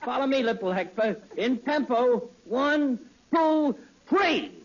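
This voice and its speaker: A man's voice: very high-pitched, expressive, normal speed, vocal fry, voice pushed up, exaggerated voice. A man doing a puffing, T-less boy. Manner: lisping, puffy comic speech impediment. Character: boy who can't say T, puffs it. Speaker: child character in radio comedy. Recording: dull old radio recording, hiss.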